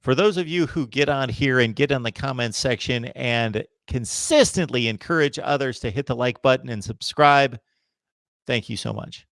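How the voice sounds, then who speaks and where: A man's voice: mid-range voice, moderate pace, creaky, fairly bright tone, no echo. Guy running a college football livestream, firm opinions, mid voice, dry close sound. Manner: opinionated, emphatic, answers viewer comments. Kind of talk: casual live chat reading comments.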